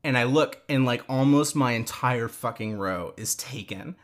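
A man co-hosting a podcast, telling a story in casual chat, animated and quick to swear, with many restarts. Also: mid-range voice. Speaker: podcast co-host.

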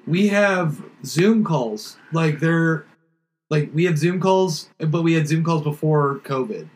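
A man's voice: a little high, animated, low-quality recording. A man in casual podcast chat, ranting bluntly and with lots of swearing. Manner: blunt, swearing complaints in a quick ranting flow.

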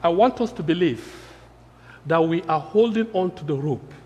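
Earnest preacher from Africa, high voice, sermon in a reverberant church. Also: male voice, lively intonation, moderate pace, mellow. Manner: earnest, emphatic, repeating key phrases.

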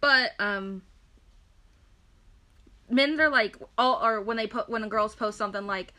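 A woman's voice: on the high side, a little slow, sharp tone. A young woman hosting a casual chat show, joking and laughing often. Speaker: podcast host.

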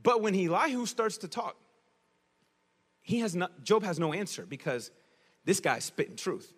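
A man preaching a sermon in a casual, slangy, animated storytelling way. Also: high-pitched, moderate pace, breathy edge, long reverb tail.

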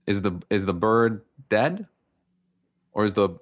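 A scheming young boy who draws out each taunting question, as a man puts him on in a deep, low voice. The voice stays close to the man's own, only lifted a little and slowed for effect. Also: expressive.

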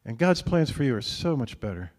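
A man's voice: medium pitch, very animated, a little fast. Preaching man in a reverberant hall. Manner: conversational preaching, often asks "right?". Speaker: pastor. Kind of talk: sermon.

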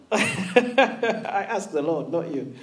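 Lively, laughing African woman preacher. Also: high voice, echoey room. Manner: animated, laughing, calls out to the congregation. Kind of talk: sermon.

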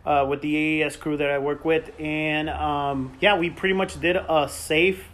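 A man's voice: on the high side, fairly even intonation, moderate pace, fairly bright tone. Easygoing, profane male podcast host. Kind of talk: casual podcast chat. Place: friend's home.

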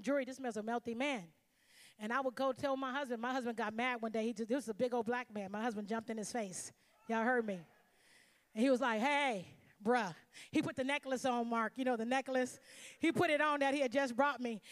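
A woman's voice: high voice, big-room sound. A woman pastor preaching a sermon, emphatic and calling out to her congregation for responses.

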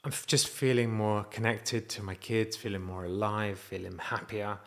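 Guy vlogging about his kids, kinda low voice, rambly and sincere. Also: flat delivery, moderate pace, fairly bright tone. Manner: earnest, rambling, with frequent restarts. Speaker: vlogger and father. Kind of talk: candid personal vlog.

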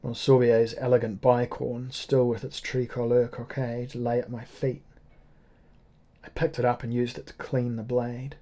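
Even-toned, dark-voiced male narrator. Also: mid-range voice, a little slow. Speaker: audiobook narrator. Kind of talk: scripted first-person narration.

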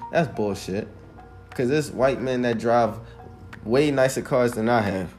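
Brief: man, 21, solo podcaster, mid-pitched, heated and emphatic telling, swears freely, faint music under. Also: a little mellow. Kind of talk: casual monologue.

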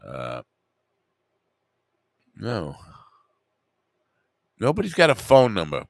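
Deep-voiced man rambling to himself. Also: huge pitch swings, slow, vocal fry, no echo, studio quality. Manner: rambling, mutters to himself, wry asides. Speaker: podcast host. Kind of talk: rambling solo podcast.

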